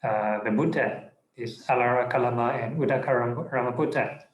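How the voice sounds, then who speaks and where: A man's voice: medium pitch, moderate pace. Monk guy chatting through a buddhist talk, lots of uhs and yeahs, kinda echoey room. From Singapore. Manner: relaxed, conversational, many fillers and tag "yeah?". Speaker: monk giving a Dhamma talk. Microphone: online video call.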